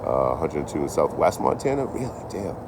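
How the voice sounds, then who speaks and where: A young man with a very low voice tells loose, swear-filled road stories in a casual live-stream ramble. He is recorded outdoors on a phone, and clear background noise runs under his voice. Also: big pitch swings, normal speed. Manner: rambling, profane storytelling. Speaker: train-hopping traveler vlogger.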